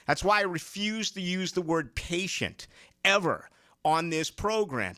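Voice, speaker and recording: A man hosting a sports radio show, talking in an excitable, conversational monologue with frequent asides to listeners. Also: high voice, measured pace, dry recording, clean studio sound.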